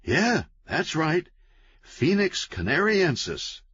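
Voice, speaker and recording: A man's voice: fairly high pitch, huge pitch swings, a bit bright, slightly rough, pitched above the performer's own voice, full character voice. A man voicing a manic, chatty, cheerful antihero man who talks gleefully and wheedles. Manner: gleeful, fast-talking, wheedling. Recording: dull, lo-fi, dry.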